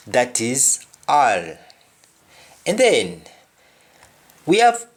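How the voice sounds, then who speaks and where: A man teaching a language lesson, speaking deliberately and repeating each example phrase. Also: medium pitch.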